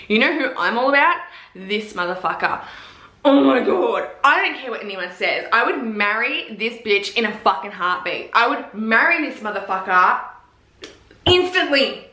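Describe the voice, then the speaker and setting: A young woman vlogging in a casual chat, gushing and swearing a lot as she talks excitedly. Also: fairly high pitch. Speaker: vlogger reviewing TV series. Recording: echoey room.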